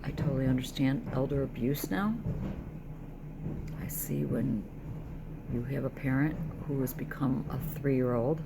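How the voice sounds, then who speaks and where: A woman's voice: extremely low pitch, a little slow, gravelly, pauses often. A middle-aged woman recording a personal video diary, talking through her worries in a distressed way. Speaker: vlogger. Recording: noisy background.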